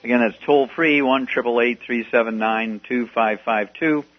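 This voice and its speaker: A man's voice: mid-range voice, fairly even intonation, moderate pace. A man hosting a call-in health radio show, giving rambling, folksy advice and plugging products, with many fillers. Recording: muffled radio broadcast.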